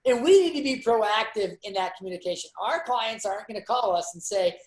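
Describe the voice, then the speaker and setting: A man's voice: sits high, animated, fairly quick. Chatty man on a roomy video call. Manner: chatty, upbeat, rambling with fillers. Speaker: sales manager and training host. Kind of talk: casual motivational talk on a video call.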